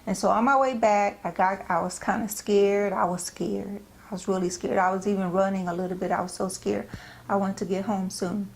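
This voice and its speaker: A middle-aged woman from the United States giving a personal devotional talk. She speaks earnestly and gently, often halting and repeating phrases as she goes. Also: mid-range voice, little pitch movement, vocal fry. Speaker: Christian speaker.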